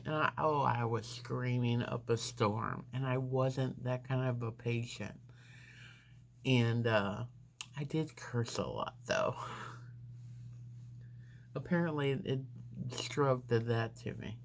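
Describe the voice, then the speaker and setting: While applying her makeup, a woman vlogger with a rumbling low voice drifts through a long personal story. Her telling is unhurried and rambling, dotted with fillers, over a slight hiss or hum.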